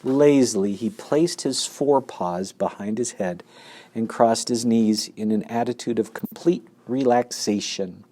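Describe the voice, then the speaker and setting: A man's voice: mid-range voice, measured pace, warm tone. A man reading a children's story aloud expressively. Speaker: narrator.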